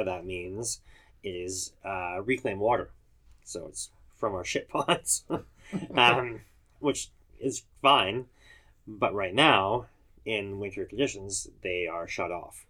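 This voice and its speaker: A man's voice: fairly low pitch, slow, pushed and bright. A man, a firefighter, recounting a call in casual chat, matter-of-fact and detailed.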